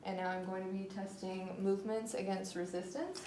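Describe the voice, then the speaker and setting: In an echoey room with faint noise, a slightly breathless student works through a clinical nerve exam, hesitating and using many fillers. She speaks fairly quickly in a flat, mellow, medium-pitched voice.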